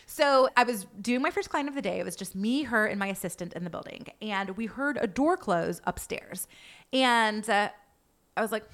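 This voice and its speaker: Young adult woman, salon owner type; lively casual storyteller in an average register. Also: mid-range voice, normal speed. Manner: animated storytelling with frequent "like". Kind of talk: casual podcast chat.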